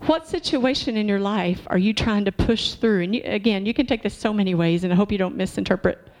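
Woman preacher, mid-pitched, chatty sermon delivery that keeps asking the congregation questions. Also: a little fast, a little mellow. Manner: conversational, asks the congregation questions. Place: church.

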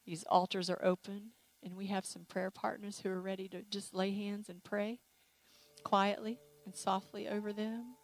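A woman preaching a sermon with an altar call, emotional and animated, with playful acted asides. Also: mid-range voice, normal speed, low-quality recording. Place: church sanctuary.

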